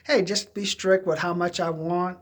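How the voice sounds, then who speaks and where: Rambling high-voiced middle-aged man. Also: fairly even intonation, moderate pace. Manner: rambling, candid, drifting into quoted voices. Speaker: vlogger giving job-search advice. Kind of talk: casual personal storytelling.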